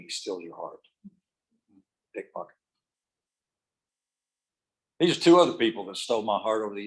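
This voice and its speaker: A man's voice: medium pitch, rough recording. A middle-aged man giving a motivational speech to a room and an online audience, telling stories and dropping his voice to make a point. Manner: storytelling, drops his voice for emphasis. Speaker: motivational speaker. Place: meeting room with live and video-call audience.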